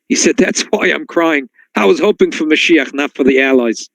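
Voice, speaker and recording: Male rabbi, sermon-style class, slightly high voice, dry and close, animated storyteller. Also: brisk, vocal fry, hardly any pauses, no echo, rough recording. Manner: storytelling, swings to high excited tones when quoting. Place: synagogue.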